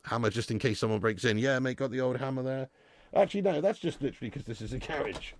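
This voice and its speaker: A man talks at a quick pace in a medium-pitched voice, with slight background noise behind him. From a home garage used as a storage room, he hosts a live football watch-along, chatting casually, swearing freely, and reading out the chat between bits of match commentary.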